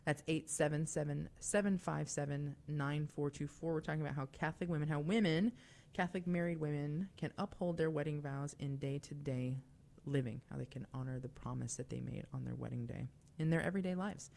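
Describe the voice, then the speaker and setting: A woman's voice: deep voice, brisk, creaky, hardly any pauses, a little mellow. A young woman hosting a call-in radio show, talking in a chatty, confiding way with fillers and asides. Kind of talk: casual call-in radio talk.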